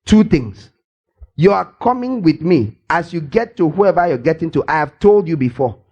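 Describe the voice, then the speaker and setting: An older man preaching a lively sermon, teasing his listeners and acting out little scenes as he goes. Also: fairly high pitch, normal speed, dull audio. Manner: playful and teasing, acts out scenes, laughs often. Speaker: pastor. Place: church hall.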